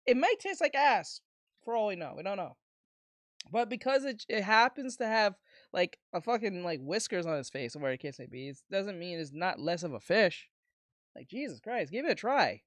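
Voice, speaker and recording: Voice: mid-range voice, big pitch swings, moderate pace, a bit bright, no room sound, studio quality. A streamer giving casual live reaction commentary, ranting and incredulous, with lots of swearing. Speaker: VTuber streamer reacting to videos.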